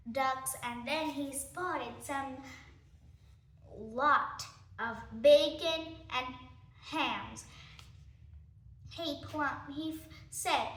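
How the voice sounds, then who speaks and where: Halting, high-voiced female storyteller. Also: a bit bright, a little hiss or hum. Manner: halting, with restarts and slips. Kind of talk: reading a children's story aloud. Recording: echoey room.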